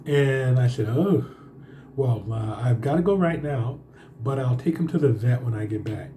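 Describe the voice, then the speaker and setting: A man vlogger telling a personal story in a casual, rambling way, with many fillers and pauses. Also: mid-range voice, expressive, mellow, a little hiss or hum.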